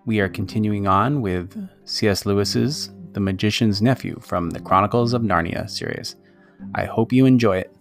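Man calmly reading a storybook. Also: fairly low pitch, moderate pace, soft background music. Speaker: reader.

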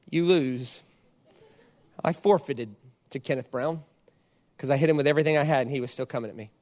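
Animated high-pitched male preacher. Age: 40s. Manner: animated, acts out scenes and quotes. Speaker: pastor. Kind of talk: sermon with storytelling.

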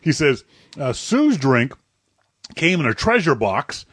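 A man's voice: a little high, very animated, slow pace, a bit bright, slightly rough, no room sound, studio quality. A man co-hosting a casual comedic podcast, blunt and profane, ranting grumpily. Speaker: podcast co-host.

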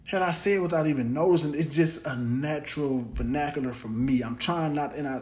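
A man's voice: a little high, a little mellow. A man hosting a podcast, talking in a blunt, rambling casual monologue full of slang and repeated words. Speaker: podcast host.

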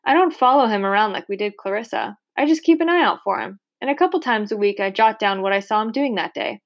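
A woman's voice: mid-range voice, expressive, quick pace, close to an everyday voice. A woman voicing a playful, caring teenage girl who teases and coos in an audiobook reading. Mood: earnest. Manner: teasing, cooing.

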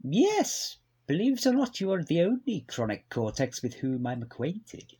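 Man putting on a posh British gent, plummy, prim and literal, voice leaping high and low. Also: huge pitch swings, moderate pace, darkish tone, breathy edge, heavily acted. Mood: prim, baffled. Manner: plummy, stiffly polite, literal-minded. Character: posh prim older male record label gentleman.

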